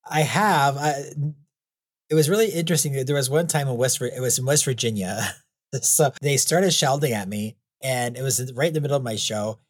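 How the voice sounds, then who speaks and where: A man of middle pitch who talks in a loose, rambling way, laughing lightly between thoughts. His voice sounds dry and close, with no room around it. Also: normal speed, dry recording. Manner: rambling, chuckles often, many "you know"s. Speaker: guest, clown and anti-bullying author. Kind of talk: casual interview chat.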